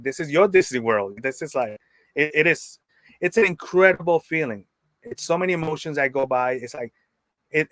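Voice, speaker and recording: A New York wrestling photographer chats easily as a podcast guest in a casual interview, rambling with fillers. His medium-pitched voice has a fairly bright tone, and the recording is dry.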